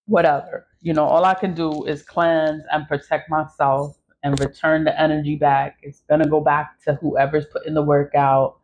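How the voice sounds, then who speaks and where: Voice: medium pitch, level tone, normal speed, few pauses, a little hiss or hum. Vlog host, blunt and emphatic, swears freely, mid-range voice, slightly muffled audio. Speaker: content creator. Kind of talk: casual vlog monologue.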